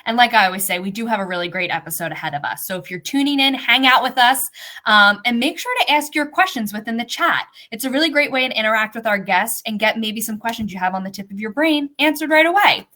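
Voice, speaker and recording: A young woman with a Delco accent, hosting a live-stream interview in a chatty, bubbly way with quick asides. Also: fairly high pitch, sharp tone. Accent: Delco (Delaware County, Pennsylvania). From Delaware County, Pennsylvania. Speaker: host.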